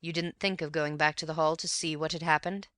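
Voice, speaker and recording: A woman's voice: deep voice, steady tone, brisk, fairly bright tone, no room sound, clean studio sound. A woman voicing a male coroner who asks short, formal questions.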